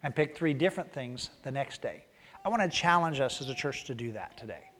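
Animated man preaching a sermon. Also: medium pitch, brisk, long reverb tail. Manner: animated, acts out voices, swings from loud to quiet. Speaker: pastor.

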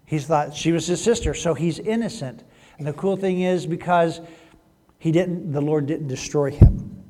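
High-voiced man teaching scripture. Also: normal speed, dark tone, in a large hall. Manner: chatty, rhetorical questions to listeners. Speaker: Bible teacher. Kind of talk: conversational Bible teaching.

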